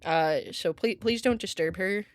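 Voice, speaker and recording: A Scottish woman, a virtual streamer, chats casually with viewers on a livestream at a moderate pace and medium pitch. She's giggly and rambling and often cuts herself off mid-sentence. The recording is dry.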